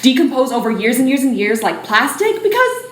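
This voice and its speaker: A woman's voice: high voice, big pitch swings, fairly quick, reverberant, poor audio. A woman playing a sassy, bossy personified disorder in a solo stage show, talking in brash slang. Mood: bubbly. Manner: peppy, valley-girl slang, brash.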